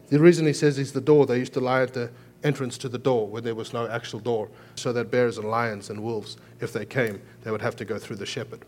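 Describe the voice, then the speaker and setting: A man preaching a sermon as pastor, moving between emphatic raised lines and quiet, earnest explanation. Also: medium pitch, steady tone, a little fast.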